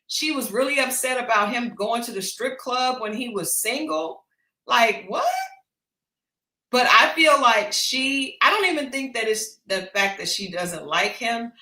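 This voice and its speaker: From her home livestream studio, a woman co-hosting a chat show dishes blunt, gossipy commentary on a reality dating show, animatedly recapping what happened. Her voice is on the high side, and the room is echoey.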